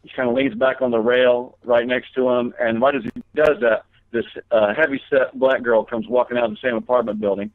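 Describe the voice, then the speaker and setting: A man's voice: mid-range voice, steady tone, brisk, hardly any pauses, no echo. A man talking as a guest comedian in a casual interview, telling long rambling stories with many fillers and restarts. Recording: tinny phone line.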